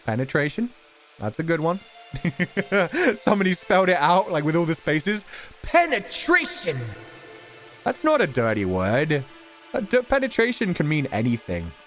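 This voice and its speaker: A man streamer in a casual chat, reading out donation messages, playful with words and swearing casually. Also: mid-range voice.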